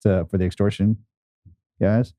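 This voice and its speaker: A man's voice: fairly low pitch, flat delivery, normal speed, dark tone, no echo. A man co-hosting a podcast, telling rambling stories in casual chat with repeated words. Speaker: podcast co-host.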